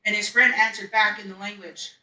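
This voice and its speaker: A man with a high, very sharp and bright voice tells an earnest story, leaning on repeated phrases. He sounds set back from the microphone, and the room around him is echoey. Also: level tone, fairly quick. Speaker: festival speaker. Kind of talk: personal storytelling talk. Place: stage at a live event. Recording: echoey, mic at a distance.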